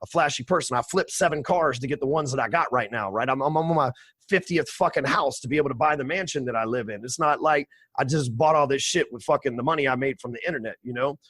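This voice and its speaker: A man in his forties, a sales trainer appearing as a podcast guest, tells stories quickly in a medium-pitched, fairly bright, husky voice with no room sound. His casual interview storytelling is brash, profane, and streetwise.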